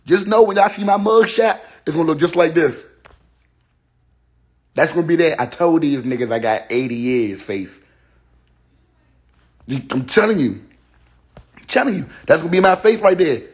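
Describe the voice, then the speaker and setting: A young man talks into his phone, ranting in playful mock despair and often breaking into laughter. His voice sits a little high for a man. He repeats the same short lines for comic effect. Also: expressive, moderate pace, long pauses, a little mellow. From Ohio. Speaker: internet personality. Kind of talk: joking live-stream rant.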